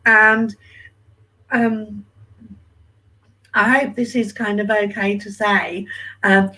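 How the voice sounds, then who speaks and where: A woman working as a medium, giving a reading, emotional and hesitant with many pauses and ums. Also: medium pitch, flat delivery, pushed and bright, poor audio.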